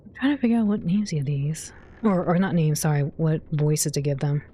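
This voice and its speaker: Her low-pitched, dark-toned voice runs a little fast as she streams a game and chats with viewers. She gives casual commentary, often giggles, and reads chat messages aloud.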